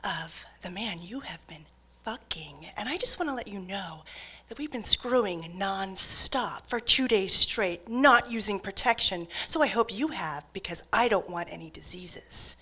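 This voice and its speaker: A woman voicing a blunt, cold rival girlfriend in a retold phone call, speaking slowly and deliberately. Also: mid-range voice, expressive, bright, forceful tone, husky, full character voice.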